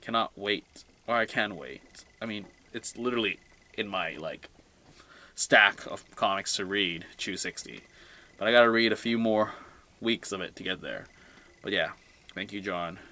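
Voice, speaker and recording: A young man giving a casual solo comic book review, rambling and excitable, often trailing off quietly. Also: lowish voice, normal speed.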